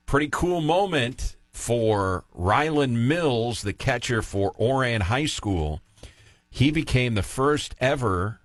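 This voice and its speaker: A man's voice: medium pitch, fairly bright tone, dry recording. A man hosting a sports radio show, talking casually and with opinions, and telling stories from the studio. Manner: chatty, opinionated, storytelling.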